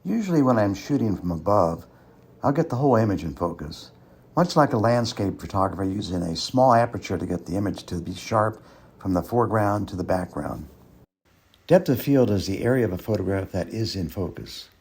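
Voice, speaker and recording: A man, a food photographer, talking through his photos in a relaxed, halting way with many ums and restarts. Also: on the low side, creaky. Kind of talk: casual tutorial narration over photos.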